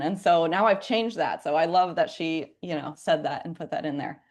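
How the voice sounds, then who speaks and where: A woman's voice: lowish voice, moderate pace. A woman in her thirties talking casually about her work as a real estate agent, chatty and full of ums. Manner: chatty, lots of ums and likes. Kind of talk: casual chat.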